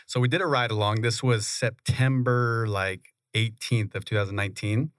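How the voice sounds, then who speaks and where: A man, a real estate investor, telling his story in a relaxed, conversational way in a radio studio. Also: lowish voice, moderate pace, no room sound. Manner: relaxed, conversational, laughs often. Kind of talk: interview storytelling.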